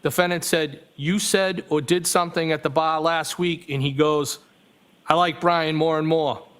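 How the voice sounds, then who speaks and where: Male courtroom witness, higher voice, even reading pace, plain and careful delivery. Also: smooth. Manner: flat, measured reading with small self-corrections. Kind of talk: courtroom testimony, reading texts aloud.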